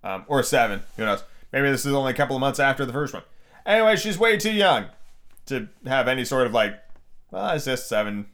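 A man's voice: medium pitch, sing-song, a little fast, a bit bright. Brief: casual male host, mid voice, reading a story aloud and drifting into chatty tangents. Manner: rambling, filler-heavy asides. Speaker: podcast host. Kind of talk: casual book reading with asides.

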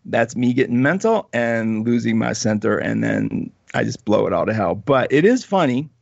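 A man hosting an astrology talk show, chatting in a rambling, animated way with frequent asides. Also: medium pitch, normal speed, creaky, no echo, highs cut off. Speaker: radio show host, astrologer. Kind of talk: casual solo talk.

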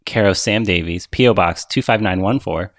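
A man's voice: deep voice, normal speed, no room sound, studio quality. A man co-hosting a podcast in casual chat, rambling loosely with lots of fillers. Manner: relaxed, rambling with many fillers. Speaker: podcast co-host.

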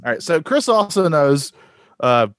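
An unhurried podcast co-host with a fairly bright, high-leaning voice swings widely in pitch. He rambles through casual chat with many fillers and restarts, recorded dry in clean studio sound.

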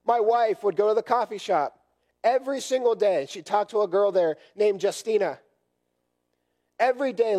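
A hoarse man leading a church training session, talking to a group in a conversational, repetitive way and checking in often with "right?". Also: sits high, dark tone. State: hoarse from a cough. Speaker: session leader at church workshop.

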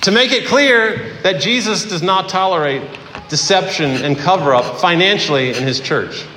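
A man preaching a sermon as pastor in a conversational way, with fillers and pauses. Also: sits high, pushed and bright, a little hiss or hum. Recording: echoey hall.

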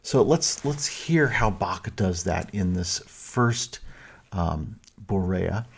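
Thoughtful man lecturing on music, slightly low-pitched. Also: lively intonation, slow, gravelly, husky. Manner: thoughtful, many fillers and restarts, counts and sings rhythms aloud. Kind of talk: explanatory lecture with sung rhythm examples.

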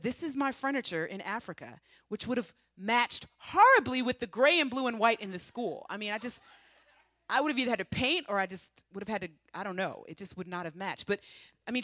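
A woman with a slightly high voice tells a missionary testimony to a congregation in a lively, storytelling way, dropping playful, joking asides as she goes. Her voice sounds dry and close, with hardly any room behind it. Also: no echo. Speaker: missionary speaker.

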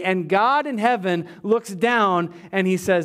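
A middle-aged male pastor preaching a sermon to his church, emphatic, often dropping low and quiet to stress a point. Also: unhurried, clear, resonant tone.

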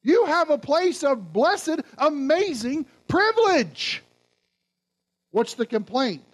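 High-voiced male preacher. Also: sing-song, slow. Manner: emphatic, questioning the audience. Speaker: pastor. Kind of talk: sermon.

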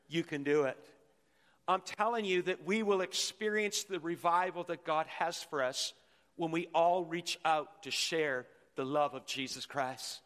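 A middle-aged male pastor with a high voice delivers an energetic sermon in a church sanctuary. He rallies the congregation into call-and-response. His voice rings with the long reverb of a large hall.

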